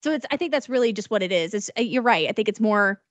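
A woman from southern Illinois, co-hosting a podcast in lively casual chat, laughing often as she tells stories. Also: mid-range voice, fast talker, no echo. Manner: animated, laughs often, storytelling. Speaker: radio podcast co-host.

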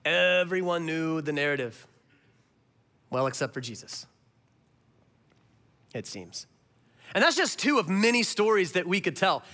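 A male pastor giving a sermon as an animated storyteller. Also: high-pitched, unhurried, pauses often. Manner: animated storyteller with big swings in voice.

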